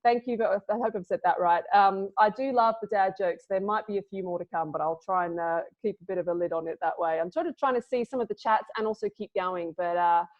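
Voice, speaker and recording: A woman's voice: mid-range voice, fairly quick, few pauses. Chatty, joking woman on a lo-fi video call. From Scotland. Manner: chatty, playful, cracking dad jokes. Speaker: clown and workshop presenter. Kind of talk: casual online talk.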